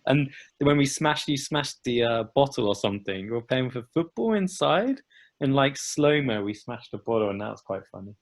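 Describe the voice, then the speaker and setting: A man's voice: mid-range voice, animated, moderate pace. A young man co-hosting a podcast, telling amused stories and laughing as he talks in casual chat. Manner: amused anecdotes, laughs while talking. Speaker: podcast co-host.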